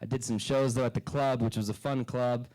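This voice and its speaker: A comic works a club stage with a handheld mic, mostly dry and deadpan but bursting into loud character bits. He speaks fairly quickly in a mid-range voice, captured in a low-quality recording.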